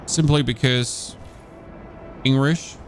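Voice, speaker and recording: A man's voice: medium pitch, steady tone, slow, a little hiss or hum. A man from Germany with a German accent, giving casual live commentary on a strategy game and chatting with his viewers as he thinks aloud. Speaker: gaming streamer.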